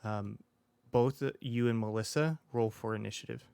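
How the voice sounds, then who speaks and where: A man's voice: mid-range voice, moderate pace, vocal fry, darkish tone, clear, resonant tone, dry recording. A man running a tabletop game as game master, narrating with frequent ums and restarts. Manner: hesitant, many ums and restarts.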